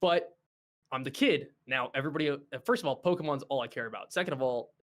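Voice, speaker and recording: A man in his twenties, a podcast co-host telling a story in casual chat with animated, profane delivery. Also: mid-range voice, quick pace.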